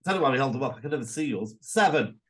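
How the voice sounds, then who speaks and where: Lively man bantering on a podcast. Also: rapid-fire. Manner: animated, jumps high when arguing. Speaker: podcast co-host. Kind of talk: casual banter.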